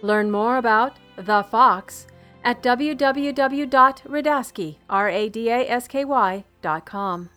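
A woman reading her own novel aloud as a podcast author and narrator, in a soft, subdued way. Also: a little high, slow, dry recording, faint music behind.

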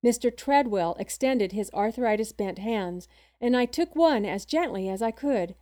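A woman's voice: on the high side, expressive, measured pace, dark tone. Woman narrating a first-person audiobook.

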